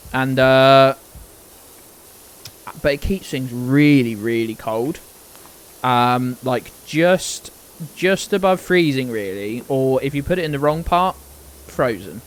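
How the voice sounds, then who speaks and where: A British man streaming a game, rambling casually and cursing now and then, often trailing off into quiet mumbles. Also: mid-range voice. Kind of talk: casual gaming chat.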